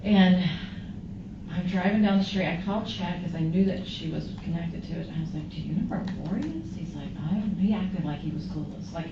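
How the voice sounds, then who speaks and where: Woman witness in a police interview, low voice, roomy and distant recording. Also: brisk, muffled recording, noisy background. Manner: rambling, animated retelling with quoted dialogue. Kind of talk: recounting events to police.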